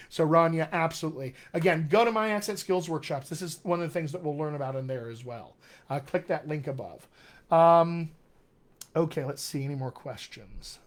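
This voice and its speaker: A man's voice: on the high side, fairly quick. A middle-aged man, a dialect coach, teaching in a live online question-and-answer session, upbeat and encouraging as he speaks straight to his viewers.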